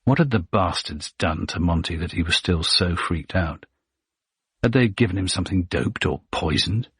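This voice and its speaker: A man reads a suspense thriller aloud in a steady, measured manner. His voice is husky and sits fairly low. The recording is dry and close, with no room sound. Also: dry recording. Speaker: audiobook narrator. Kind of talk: scripted thriller narration.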